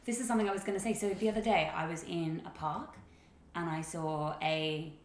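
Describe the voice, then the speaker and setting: A woman, a podcast guest, thinking aloud in relaxed casual chat. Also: lowish voice, a little fast. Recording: roomy echo, faint background noise.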